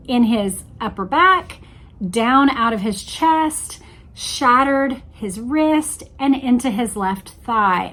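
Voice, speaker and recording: Fairly high-voiced woman discussing history. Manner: reads quotes aloud with shifting voices, adds musing asides. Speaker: host reading from a history book. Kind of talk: book-based history discussion.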